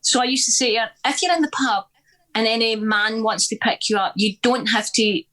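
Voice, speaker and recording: A middle-aged woman with a Scottish accent, a guest telling stories in an interview in a blunt, sweary, animated way, acting out the people she quotes. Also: a little high, a little fast. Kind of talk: candid conversational storytelling.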